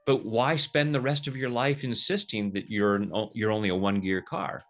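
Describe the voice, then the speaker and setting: A man explaining a tapping technique in a relaxed, jokey way, slipping into quoted voices as he talks. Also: on the low side, normal speed. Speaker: tapping practitioner, guest. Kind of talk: casual teaching over video call.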